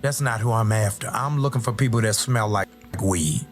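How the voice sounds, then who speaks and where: A man who is a pastor, talking on a podcast in a relaxed, jokey way, often chuckling. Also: on the low side, moderate pace, soft background music. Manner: laid-back, jokey, chuckling storyteller. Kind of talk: podcast interview.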